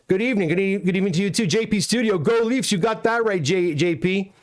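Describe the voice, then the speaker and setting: A man's voice: high-pitched, a little fast. A middle-aged Canadian man hosting a casual live stream from his home workshop. He reads viewer comments aloud and answers each one with a chatty, self-deprecating manner. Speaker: comic book pressing business owner streaming a live unboxing.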